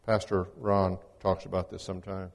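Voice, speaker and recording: A man's voice: low voice, level tone, moderate pace, vocal fry, in a large hall. A man delivering a conversational, folksy sermon as a guest preacher, mixing scripture readings with casual teaching. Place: church.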